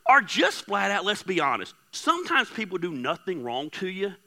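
A man preaching a sermon, candid and joking with his congregation, swinging between soft asides and loud emphatic bursts. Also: sits high, wildly swooping pitch, moderate pace, vocal fry. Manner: candid, joking, talks straight to the crowd. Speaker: pastor. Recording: hall reverb.

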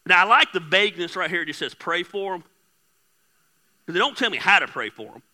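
Man, pastor, very bright sharp tone, lively swooping pitch, candid preaching. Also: normal speed. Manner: candid, joking, talks straight to the crowd; swings between soft asides and loud emphatic bursts. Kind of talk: sermon. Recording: hall reverb.

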